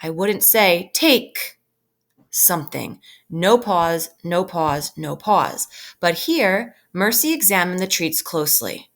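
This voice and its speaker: A woman teacher giving a recorded reading lesson to children, patient and slowing down to stress key phrases, often checking in with "right?". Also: fairly low pitch, expressive. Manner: patient, with frequent tag "right?". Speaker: elementary school teacher.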